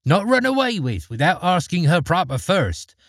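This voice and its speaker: A man voicing a sharp-tongued middle-aged landlady in a storybook reading, in a raised, fussy voice. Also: on the low side, sing-song, moderate pace, no echo, studio quality, pitched above the performer's own voice. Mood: tart. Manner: tart, correcting, fussy.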